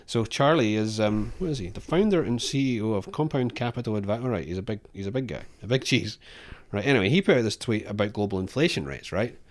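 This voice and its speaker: A man's voice: on the low side, animated, a little fast. A man from Scotland, co-hosting a podcast in casual chat, rambling and self-deprecating, laughing often and swearing. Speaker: podcast co-host.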